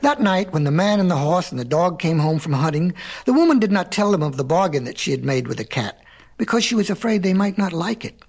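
Gravelly man reading a storybook. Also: high voice, animated, a little mellow, low-quality recording. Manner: slow, rhythmic, lingering on repeated phrases.

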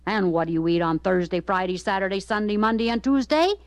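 A woman voicing a gruff, commanding male circus master in a storybook. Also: medium pitch, fairly quick, no echo, lightly acted. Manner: loud, commanding.

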